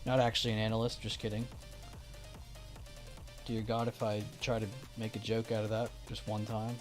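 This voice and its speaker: A man's voice: fairly low pitch, completely flat delivery, normal speed. A young man casually chatting on a stock trading live stream, reading chat and talking loosely with restarts. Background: faint music.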